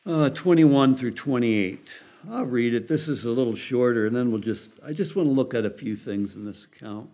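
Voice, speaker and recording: A man preaching a sermon in an earnest, deliberate and emphatic way. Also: medium pitch, warm tone. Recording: dull lo-fi recording.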